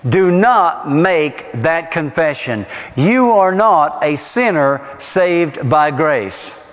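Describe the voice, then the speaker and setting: A man delivers a sermon at an unhurried pace, pressing his points through repetition and questions thrown at the listeners. His voice sits high for a man. The sound is a little dull and carries a long reverb from the large church hall. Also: lively intonation. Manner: emphatic, repeats phrases for stress; asks the audience rhetorical questions. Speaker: preacher.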